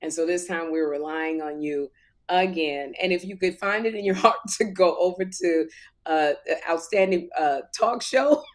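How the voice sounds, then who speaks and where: Animated woman podcast co-host. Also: fairly low pitch, moderate pace. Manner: animated, laughing storyteller who gets loud in retellings. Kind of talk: casual chat.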